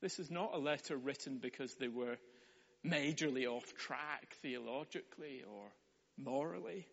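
A man's voice: mid-range voice, unhurried, vocal fry. A man preaching a sermon in a wry, conversational way. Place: church hall. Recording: echoey hall, dull sound.

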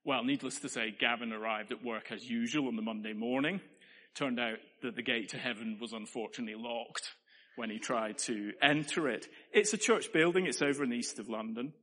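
A man's voice: medium pitch, a little fast, pushed and bright, long reverb tail. A man preaching a sermon in a church, earnest and conversational, with playful asides to the congregation.

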